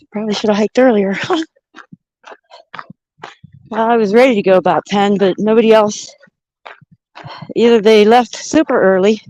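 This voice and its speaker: A woman's voice: mid-range voice, darkish tone, dry recording, poor audio. A woman vlogging outdoors on a mountain trail, chatting and thinking aloud into a handheld camera as she hikes. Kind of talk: casual walking vlog narration.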